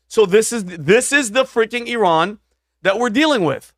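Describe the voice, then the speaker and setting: A man's voice: high voice, expressive, normal speed, a bit bright, no room sound. A man co-hosting a podcast, talking emphatically and repeating his points. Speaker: podcast co-host. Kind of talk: podcast discussion.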